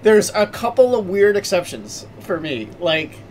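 A man's voice: high voice, sing-song, a little slow, a little hiss or hum. A man co-hosting a casual live-stream chat, rambling and stammering through restarts.

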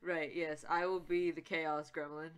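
A woman co-hosting a casual chat as a fan voice actor, rambling and giggly and quick to apologize. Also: low voice, flat delivery.

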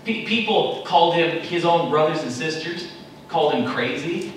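A man's voice: on the high side, normal speed, a little hiss or hum. A male pastor preaching a sermon, acting out prayers in a raised, pleading voice. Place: church sanctuary. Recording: echoey church hall, mic at a distance.

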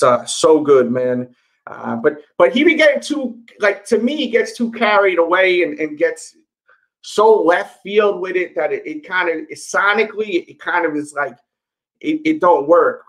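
Rambling high-voiced man chatting casually. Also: fairly bright tone, rough recording. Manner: rambling and candid, lots of fillers. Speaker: sneaker YouTuber. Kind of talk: casual solo commentary.

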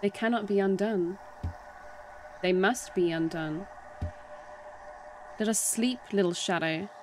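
A woman reading the quiet, solemn lines of ancient sleeping spirits. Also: medium pitch, slow pace, slight background noise, pitched below the performer's own voice, natural voice.

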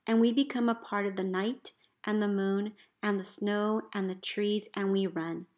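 A woman, a teacher, reading a picture book aloud in an expressive storybook voice, calling out the commands with gusto. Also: medium pitch, a little slow. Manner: expressive, calls out dog commands loudly.

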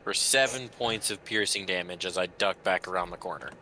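A man's voice: sits low, fairly quick, sharp tone, slight background noise. A man playing in a tabletop game, speaking in a laid-back way with ums. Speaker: player. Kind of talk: casual tabletop game play.

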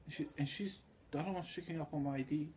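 Meandering and crude, a male vlogger spins a loose, casual tale and keeps acting out the voices of people he ran into with brief impressions. He sounds slightly high-pitched but warm and mellow, and a faint background hum sits beneath him.

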